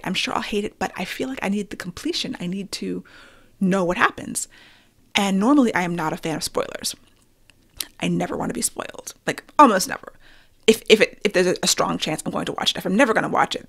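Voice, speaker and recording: A woman's voice: medium pitch, creaky, fairly bright tone. A middle-aged woman hosting her own podcast, chatting candidly and with self-deprecating humor about films and her week. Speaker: podcast host. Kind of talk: casual solo podcast chat.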